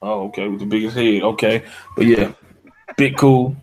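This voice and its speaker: A man's voice: fairly low pitch, normal speed, crowd noise. Man, show host, casual hangout, slangy, lots of fillers, online call mic. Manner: loose slangy talk with many "uh"s. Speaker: podcast host.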